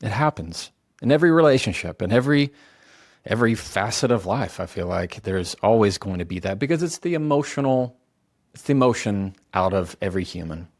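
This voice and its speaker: A man with a low voice gives relaxed, practical advice in a casual teaching style. He often restarts his sentences and slows his words down to stress a point. The sound is dry and close, with no room echo. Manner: conversational, self-correcting, slows down for emphasis. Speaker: communication coach. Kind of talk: casual instructional talk.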